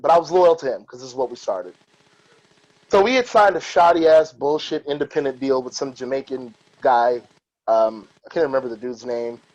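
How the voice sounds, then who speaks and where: A man with a somewhat high voice tells stories on his podcast in a candid, animated way and swears freely. The recording sounds dull and lo-fi. It is casual and unscripted. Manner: candid, profane, animated retelling. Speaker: podcast host.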